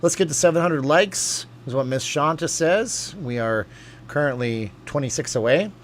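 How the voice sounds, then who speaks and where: A man's voice: fairly high pitch, lively intonation, moderate pace, a little hiss or hum. A man hosting a casual livestream, reading viewer comments aloud and rambling from topic to topic with lots of fillers. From USA. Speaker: livestream host reading chat.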